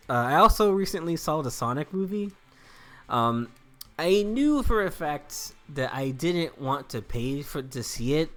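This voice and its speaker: A young man giving casual, joking let's-play commentary, rambling and laughing at himself. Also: fairly high pitch. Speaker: gameplay commentator. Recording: faint game music behind.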